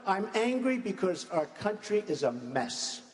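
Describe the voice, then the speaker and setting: A man's voice: high-pitched, big pitch swings, unhurried, a little hiss or hum. A man speaking as a candidate in a political debate, blunt and conversational, repeating his points plainly. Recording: live in large hall with audience.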